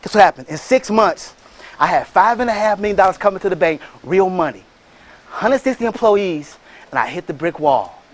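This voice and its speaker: Brief: man, high voice, preacher-style motivational speaker, calls out for crowd replies, sudden shouts. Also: animated, normal speed. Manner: preacher-like, rallying the crowd with call-and-response and shouted bursts. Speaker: motivational speaker and franchise entrepreneur. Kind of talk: motivational speech.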